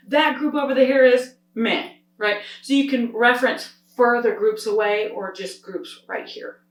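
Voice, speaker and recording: A fairly high-voiced woman walks beginners through each sign in an upbeat, hands-on teaching manner. She sits some way back from the mic, so her voice carries a roomy echo. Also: pushed and bright. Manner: upbeat, demonstrative, step-by-step explaining. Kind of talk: instructional explanation. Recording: roomy sound, distant from the mic.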